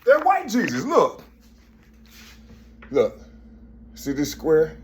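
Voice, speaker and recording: High-voiced man rambling emphatically. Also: huge pitch swings, takes it slowly, darkish tone, slight background noise. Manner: repetitive, keeps saying "you see", profane; emphatic, raises voice at points. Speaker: vlogger. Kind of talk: rambling spoken monologue.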